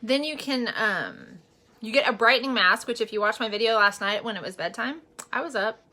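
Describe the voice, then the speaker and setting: A chatty, bright-sounding woman vlogger who sells makeup directly talks her way through a casual makeup video, full of fillers and rambling asides. She gets earnest and emotional about faith, speaking fairly quickly in an expressive, higher-pitched voice.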